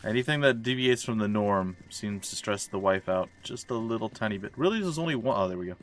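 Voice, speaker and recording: A man's voice: lowish voice, lively intonation, brisk. A man rambling casually and jokingly over his gameplay as a streamer, wandering off into side stories. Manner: chatty, self-mocking, meandering asides. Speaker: let's play streamer. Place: at home.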